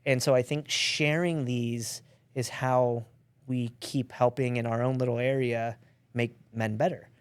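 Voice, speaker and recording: A man's voice: medium pitch, steady tone, unhurried, smooth, no echo. A man co-hosting a podcast, speaking in an earnest, reflective way with casual slang. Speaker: podcast co-host. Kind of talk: casual chat.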